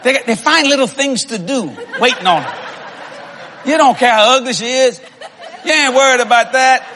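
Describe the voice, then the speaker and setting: A man preaching a humorous sermon to a congregation, telling comic stories, laughing and often shouting. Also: very high-pitched, normal speed, long reverb tail. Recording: live audience laughter and room noise.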